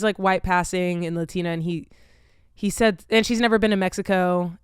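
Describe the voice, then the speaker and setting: A woman's voice: medium pitch, clear, resonant tone, no echo, studio quality. A young woman, telling stories in a casual vlog chat, candid and swearing freely, with lots of filler "like". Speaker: vlogger.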